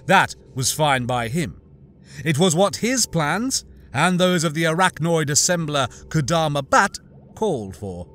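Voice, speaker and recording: A man narrating an audiobook in a measured, deliberate reading. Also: fairly high pitch, fairly bright tone.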